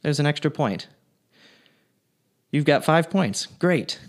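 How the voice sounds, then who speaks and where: A man's voice: fairly high pitch, animated, slow pace, pitched above the performer's own voice. A man voicing Saint Peter as an offhand, matter-of-fact gatekeeper at heaven's gate, tallying a newcomer's points in a told joke. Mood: breezy.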